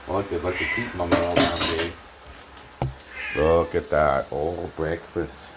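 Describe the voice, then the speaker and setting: Deep-voiced man rambling at home. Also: level tone, heavy background noise. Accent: Canadian English. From Canada. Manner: halting, full of fillers and trailing restarts; affectionate, talks in pet names to an absent listener and his cat. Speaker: vlogger. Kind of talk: rambling home vlog talk to camera. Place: small apartment kitchen, indoors.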